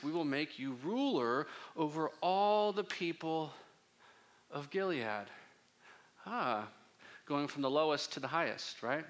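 Casting: young adult male pastor, bright, forceful voice, slightly high, casual conversational preaching with jokes. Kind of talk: sermon.

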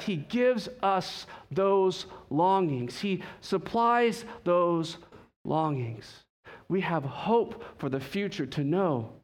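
A young man preaching a sermon, telling a lively personal story and acting out the dialogue with laughs. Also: high voice. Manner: animated storyteller, acts out dialogue, laughs at himself. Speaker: pastor.

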